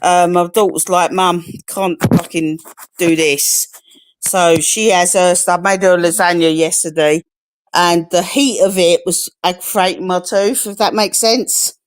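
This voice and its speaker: A woman's voice: on the low side, steady tone, unhurried. Chatty swearing middle-aged woman. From England. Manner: chatty, frank, swears freely. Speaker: live stream guest. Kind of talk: casual chat.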